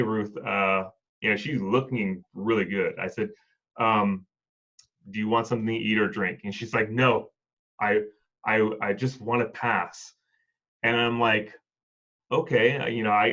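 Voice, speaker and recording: A man with a lowish voice tells stories from his hospice work in a relaxed talk, voicing the people in them as he goes. The recording sounds muffled and lo-fi. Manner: reflective, acts out dialogue in stories. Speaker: hospice and home health worker, former Marine. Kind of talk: casual storytelling conversation.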